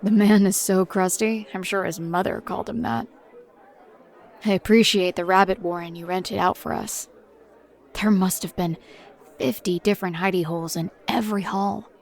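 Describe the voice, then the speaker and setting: A woman's voice: mid-range voice, darkish tone, close to an everyday voice. An actress voicing a hardened middle-aged mother and paranormal agent, who tells her report in a blunt, grim, dry-humored way. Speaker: narrator of a recorded report. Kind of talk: audio drama monologue.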